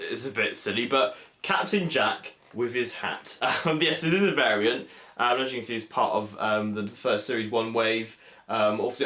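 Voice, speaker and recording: Excitable young man in echoey room. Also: medium pitch. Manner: chatty and excitable, many fillers, quotes others in an animated voice. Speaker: vlogger. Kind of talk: casual convention recap vlog.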